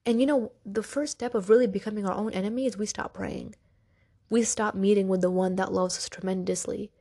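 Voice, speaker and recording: A woman's voice: medium pitch, fairly even intonation, a little fast, gravelly, warm tone. A woman hosting a podcast, speaking earnestly in short, repeated phrases as she urges listeners on. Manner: earnest, repetitive, exhortative. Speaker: podcast host. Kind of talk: motivational religious podcast talk.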